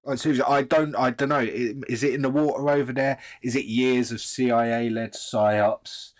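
A man's voice: mid-range voice, fairly even intonation, moderate pace, no room sound. A man hosts a commentary show in a mocking, rambling way, and he swears a lot. His voice is recorded close and dry, with no room sound. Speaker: host. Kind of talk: sardonic commentary.

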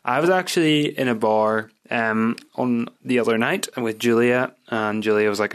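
A man's voice: on the low side, steady tone, normal speed, fairly bright tone. A young man with a Northern Irish accent, hosting a podcast in a rambling, chatty, self-mocking way. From Northern Ireland. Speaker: podcast host. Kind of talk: casual solo podcast chat.

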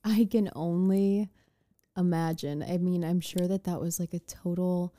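Woman host, gushy reactions, deep mellow voice. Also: steady tone, measured pace, dry recording. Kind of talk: casual interview.

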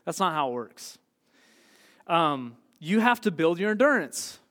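Pastor guy preaching, earnest, kinda high voice, big hall echo. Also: very animated, unhurried. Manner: earnest preaching, swings from quiet to emphatic. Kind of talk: sermon.

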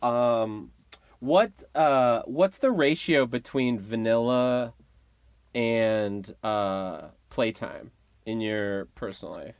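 A podcast host asking questions in a relaxed, easygoing way, often laughing. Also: medium pitch, takes it slowly, clear, resonant tone, dry recording. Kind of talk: podcast interview.

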